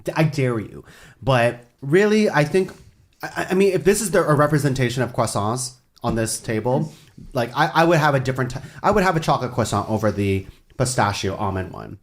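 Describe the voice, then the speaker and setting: A man co-hosting a casual group podcast chat, animated and prone to loud exclamations. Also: mid-range voice, fairly quick. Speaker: podcast co-host steering the ranking.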